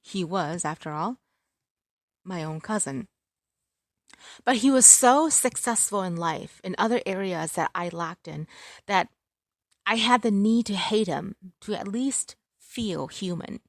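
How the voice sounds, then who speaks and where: A woman's voice: mid-range voice, expressive, measured pace, no room sound, studio quality. A woman narrating a romance story in the first person, in a wry, conversational way.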